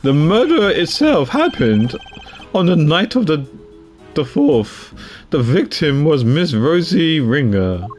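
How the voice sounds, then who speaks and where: A man's voice: on the high side, sing-song, slow pace, darkish tone, faint music behind. A man voicing a pompous male prosecutor laying out the details of a murder in a game. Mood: self-important.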